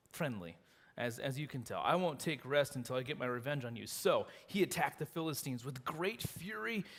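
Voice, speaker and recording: A fairly high-voiced man preaches to his church, telling the story with animated energy and little acted lines. His voice rings out with a long hall reverb around it. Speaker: pastor. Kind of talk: sermon. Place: church sanctuary.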